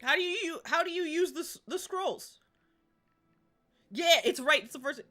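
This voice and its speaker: A woman streaming a game live, chatting excitedly and rambling to herself as she plays. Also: sits high, unhurried, soft background music.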